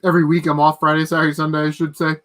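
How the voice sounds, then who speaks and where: A man's voice: a little high, completely flat delivery, rapid-fire, a bit bright. A man hosting a casual livestream, chatting with viewers and ranting with plenty of swearing and laughter. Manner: ranting, profane, laughs at his own jokes. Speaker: livestream host.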